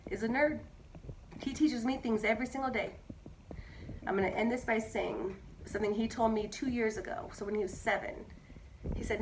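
A woman in her thirties, a mother who sounds hoarse from bronchitis, talking in a chatty, emphatic way and repeating herself in a casual monologue. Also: mid-range voice, moderate pace, background noise. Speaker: mother vlogging.

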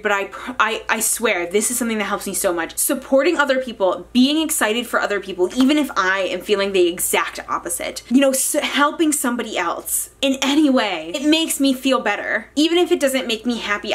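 A young woman talking earnestly and excitedly to camera in a casual vlog about happiness and books. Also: on the high side. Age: young adult. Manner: earnest and excitable, frequent restarts. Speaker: book vlogger.

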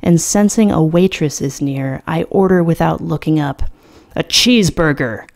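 A woman reading a novel aloud as a dramatic audiobook, in a slow, deliberate, low-key delivery. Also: gravelly, mellow. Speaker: audiobook reader.

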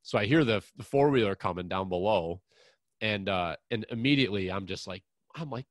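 A man's voice: fairly low pitch, brisk, no echo. A man hosting an outdoors podcast, telling a long hunting story in a frank, rambling way with mild swearing. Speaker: podcast host. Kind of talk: casual chat, long personal anecdote.

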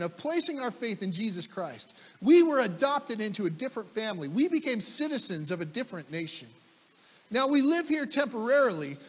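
A man's voice: sits high, long reverb tail. A man preaching a sermon as pastor, emphatic, repeating key phrases and putting questions to the congregation. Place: church sanctuary.

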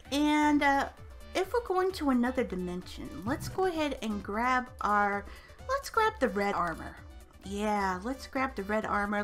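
A woman's voice: fairly high pitch, a bit bright. A woman hosting a casual let's-play, chatty and upbeat, narrating each step of the game aloud. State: hiccups. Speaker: gaming channel host. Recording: faint music behind.

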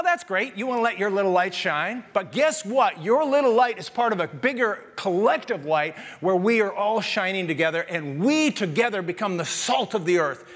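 High-voiced man preaching in a reverberant church. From Canada. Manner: animated, conversational preaching with jokes and asides to the congregation. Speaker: pastor. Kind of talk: sermon. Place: church sanctuary.

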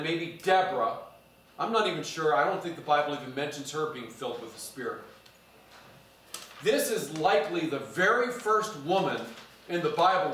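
A man's voice: on the high side, fairly bright tone. A man preaching a sermon as pastor, reading scripture and stretching out key words for emphasis. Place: church. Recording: echoey church from a distance.

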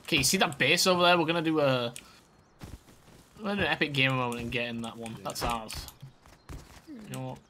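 A man's voice: medium pitch, sharp tone, a little hiss or hum. A young man in casual, laughing gaming chat with friends. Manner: laughing, playful, drawn-out talk.

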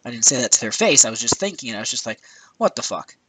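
An exasperated man rants into a headset, cursing freely and sighing between points. His voice is bright and forceful at a middle pitch. The sound is very dry with faint static. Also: lively intonation, rapid-fire, breathy edge, dry recording, rough recording. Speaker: gaming video host. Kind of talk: angry rant. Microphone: new headset.

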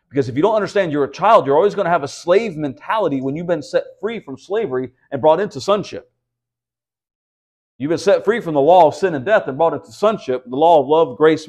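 Man, fairly high voice, conversational house church preaching, rhetorical questions. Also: a little mellow, husky. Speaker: pastor. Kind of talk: house church Bible teaching.

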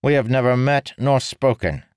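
A proud, suspicious nobleman who snaps and growls his curt answers, as a man puts him on. The voice stays deep and deliberate. It has the dry, close sound of a storybook reading. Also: darkish tone, no echo. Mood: guarded. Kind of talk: audiobook character voice.

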